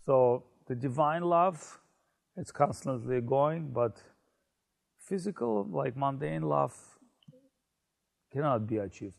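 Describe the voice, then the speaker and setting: A man telling a story in a casual conversation, animated and full of fillers. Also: mid-range voice, slow pace, creaky, long pauses. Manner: animated, many fillers and restarts, laughs. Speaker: spiritual speaker.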